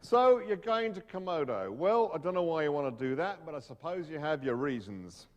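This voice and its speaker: A man's voice: fairly high pitch, big pitch swings, normal speed, long reverb tail, lo-fi sound. A man putting on a cranky Australian venom expert. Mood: grumpy. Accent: Australian (put on). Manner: cranky, distracted, rambling. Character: grumpy, rambling male venom scientist.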